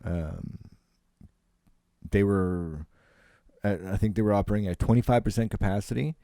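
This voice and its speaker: A man's voice: lowish voice, normal speed, dark tone, no room sound, clean studio sound. A Canadian man, a comedian, rambling on his solo podcast from home, swearing often and full of fillers. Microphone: home podcast microphone.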